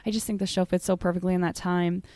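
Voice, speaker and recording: Talking fast in a lowish, mellow voice with little pitch movement and no echo, this podcast co-host shares strong opinions on musical theater. Her casual chatter is peppered with "like."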